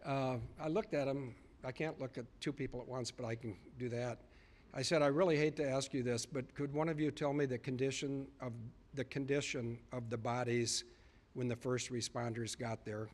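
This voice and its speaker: A man addressing a live audience in an earnest storytelling speech. He retells conversations and repeats points for emphasis, in a mid-pitched voice. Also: fairly even intonation, normal speed. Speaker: public speaker.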